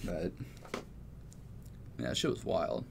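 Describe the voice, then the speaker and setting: Profane laid-back young guy, low voice. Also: big pitch swings, slow, vocal fry, noisy background. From Texas. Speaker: music producer. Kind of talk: casual storytelling.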